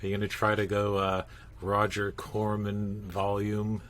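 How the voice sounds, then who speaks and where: Male podcast host, talks really slow, lowish voice, asks curious questions. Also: monotone, a bit bright, a little hiss or hum. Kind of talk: interview questions.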